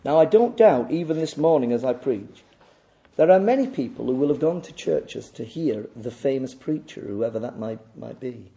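A man's voice: medium pitch, lively intonation, normal speed, vocal fry, warm tone. A male preacher delivering a sermon, pressing his listeners with rhetorical questions and emphatic repetition.

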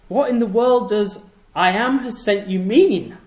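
A man's voice: high-pitched, measured pace. A man preaching a sermon to a congregation, asking rhetorical questions and repeating key phrases for emphasis. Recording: echoey room.

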